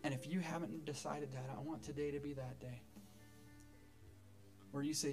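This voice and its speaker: Male pastor, earnest sermon, slightly high voice, faint music bed. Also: fairly even intonation, moderate pace, darkish tone. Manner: earnest, repeats words when stressing. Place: church sanctuary.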